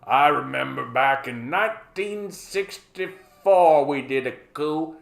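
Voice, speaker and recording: A man's voice: a little high, expressive, takes it slowly, gravelly, a bit bright, roomy sound, full character voice. A man voicing a smug older male hawk who boasts of war crimes in a folksy, self-satisfied drawl. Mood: smug boasting.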